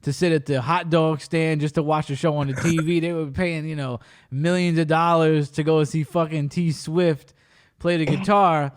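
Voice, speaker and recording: A man's voice: a little high, steady tone, moderate pace, clear, resonant tone. A man hosting a podcast, chatting casually and telling stories with jokes and cursing. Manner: joking storyteller who swears freely. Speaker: podcast host.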